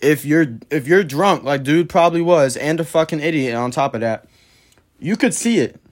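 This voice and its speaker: A podcast host with a slightly high, animated voice speaks at a normal pace. In a casual storytelling monologue, he retells a work dispute in a blunt, profane, heated way.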